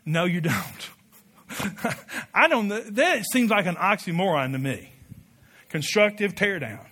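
A man preaching a sermon with passion, building to loud peaks and dropping to quiet asides, leading the congregation in call-and-response. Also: high voice, very animated, takes it slowly, breathy edge. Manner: impassioned, rising to shouted peaks, drops to quiet asides. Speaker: pastor.

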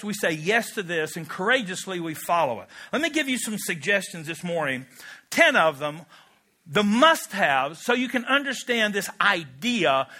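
High, bright-voiced preacher. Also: male voice. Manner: emphatic, storytelling, conversational asides. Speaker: pastor. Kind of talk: sermon.

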